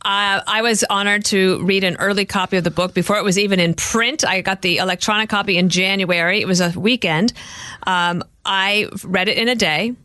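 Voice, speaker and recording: A woman's voice: medium pitch, steady tone, brisk, pushed and bright, no room sound, studio quality. A woman hosting a podcast interview, speaking enthusiastically about her guest. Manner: enthusiastic, brief reactions. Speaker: podcast host. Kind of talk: interview conversation.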